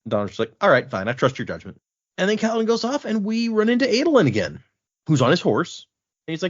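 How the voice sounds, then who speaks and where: A man talking casually on a podcast, his pitch bouncing up and down as he retells a story and slips into the characters' lines. The recording sounds a little dull and muffled, like modest home audio. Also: fast talker. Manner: animated retelling, quotes characters in a loose conversational voice. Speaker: podcast host recapping a book. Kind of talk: casual chat.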